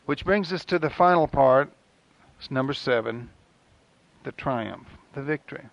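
A man preaching a sermon in an earnest, rhythmic way with dramatic pauses. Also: mid-range voice, creaky. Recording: dull, lo-fi dry recording.

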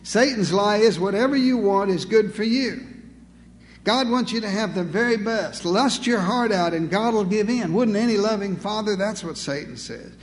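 A man's voice: sits high, normal speed, big-room sound, slight background noise. A male pastor preaching an emphatic, rhetorical sermon with dry humor.

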